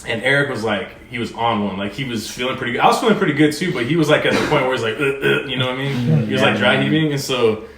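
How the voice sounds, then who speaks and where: Young male podcast co-host, quick delivery, mid-pitched, roomy sound, animated and profane. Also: a loud crowd. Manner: animated storytelling, voice jumping up for quoted outbursts, swearing. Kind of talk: casual chat, drunk story. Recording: echoey room.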